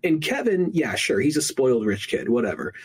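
A man's voice: very animated, fairly quick, breathy edge. A young man co-hosting a podcast, chatting casually, swearing freely and laughing often. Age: young adult. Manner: swearing, laughing, jumps into high mocking voices when quoting. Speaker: podcast co-host. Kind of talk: casual chat.

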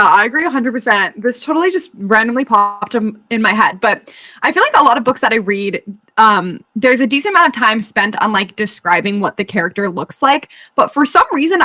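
Book club woman, high bright voice, dry close sound, giggly and casual. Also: lively intonation, normal speed, no room sound. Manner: chatty, laughs often, lots of "like".

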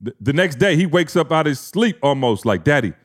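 Animated slangy man telling a story. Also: a little high, a little fast. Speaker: podcast co-host. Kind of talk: casual storytelling.

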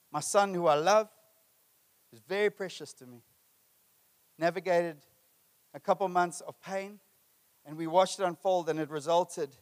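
A middle-aged male pastor preaching a sermon, passionate, building to emphatic peaks and then dropping low.

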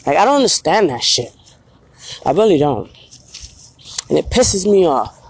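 A woman's voice: fairly low pitch, animated, brisk, long pauses, a little mellow, slightly rough, rough recording. A woman hosting her own vlog, talking bluntly and profanely into a phone as she walks a street at night, repeating "you feel me" often. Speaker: vlog host. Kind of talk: casual street vlog rant. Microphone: phone held while walking.

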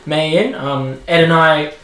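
A man's voice: a little high, fairly even intonation, normal speed, bright, forceful tone, echoey room. A man with an Australian accent, co-hosting a casual football chat and telling stories with plenty of fillers. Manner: chatty storyteller, lots of fillers. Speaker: podcast co-host.

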